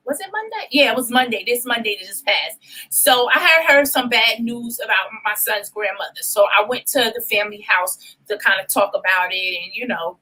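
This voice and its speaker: A young woman co-hosting a casual chat show, telling a story in an animated, profane way and acting out the voices of people she quotes. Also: a little high, low-quality recording. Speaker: podcast co-host.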